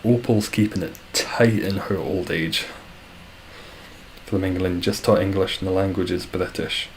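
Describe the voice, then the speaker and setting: A man's voice: deep voice, steady tone, a little slow, slight background noise, poor audio. A Scottish man chatting casually on a live stream, reading out viewer comments with dry, self-deprecating humour. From Scotland.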